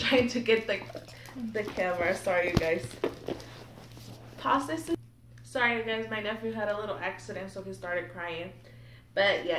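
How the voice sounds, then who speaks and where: A young woman chatting excitedly to camera while unboxing something at home, nervous and giggly. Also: on the high side. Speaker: vlogger. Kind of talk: casual unboxing chat to camera. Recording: echoey room, mic a bit distant, faint background noise.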